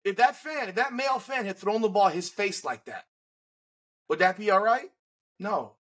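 A man's voice: sits high, expressive, moderate pace, a bit bright, slightly rough, low-quality recording. A man co-hosting a sports podcast, ranting bluntly and with profanity in an indignant tone. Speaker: podcast co-host. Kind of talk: heated sports opinion rant.

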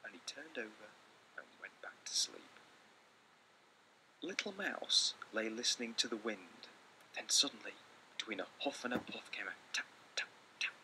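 A man reading a children's picture book aloud with lots of expression, often dropping into hushed whispers. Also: on the low side, lively intonation, moderate pace, pauses often, rough recording. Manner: theatrical, slipping into hushed whispers. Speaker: storyteller.

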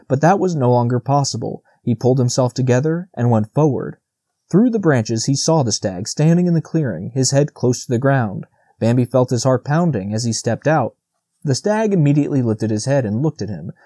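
Mellow-voiced male audiobook narrator. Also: medium pitch, breathy edge, dry recording, clean studio sound. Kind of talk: scripted narration.

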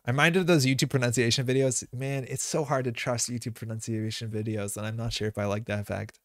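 A man's voice: medium pitch, fairly even intonation, quick pace, a bit bright, no room sound, clean studio sound. A man from North America streaming a card game live, chatting casually with viewers in a rambling way, full of fillers and self-corrections.

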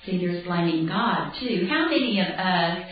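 A woman speaker teaching a conversational, animated sermon, often acting out bits of dialogue. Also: fairly low pitch, a little slow. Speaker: Bible camp speaker. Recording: distant, roomy, dull lo-fi hall recording with faint music.

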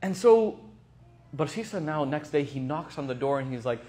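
A young man teaches by telling stories in a casual, animated way, with plenty of filler words. His voice sits a little high for a man. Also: moderate pace. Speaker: religious teacher. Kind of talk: casual storytelling talk.

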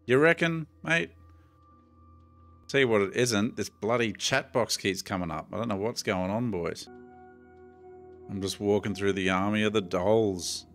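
Middle-aged man, Australian accent, horror game let's play, jumpy, chatty, somewhat low voice. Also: steady tone, normal speed, faint music behind. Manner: jumpy, chatty, swears mildly, talks to viewers as "boys". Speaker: gaming YouTuber.

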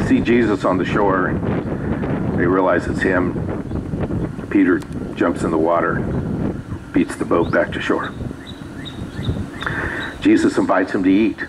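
Low-voiced man preaching casually. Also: steady tone, slow pace, long pauses, heavy background noise. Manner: conversational, reads scripture aloud with asides. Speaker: pastor. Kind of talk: sermon. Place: small church sanctuary.

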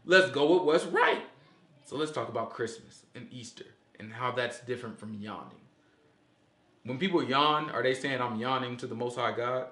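Animated man preaching in an echoey room. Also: a little high. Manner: animated, asks the group questions, repeats "you know what I'm saying". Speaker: teacher leading a Sabbath study. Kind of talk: casual preaching to a small group.

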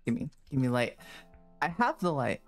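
A man streams a horror game, his voice swinging up and down in a very animated way. He rambles and mocks himself, and he shrieks and laughs when something scares him. Faint game music plays behind him. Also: medium pitch, moderate pace. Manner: rambling, self-mocking chatter. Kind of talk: live game commentary.

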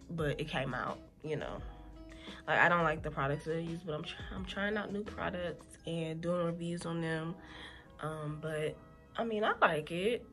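Chatty woman vlogger, low-pitched. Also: fairly bright tone. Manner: rambling, chatty, laid-back. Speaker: vlogger and teacher. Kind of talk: casual chat. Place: classroom.

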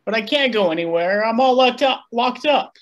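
A man's voice: very high voice, expressive, moderate pace, fairly bright tone, highs cut off. A man reading a clingy, needy grown-man patient who begs and wheedles in a childlike way, over a video call. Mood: pleading.

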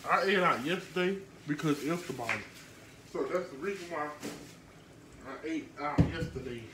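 Filming herself on a phone at home, a congested woman with sinus trouble chats easily with viewers, addressing them as y'all. She has a deep voice and speaks at normal speed over background noise.

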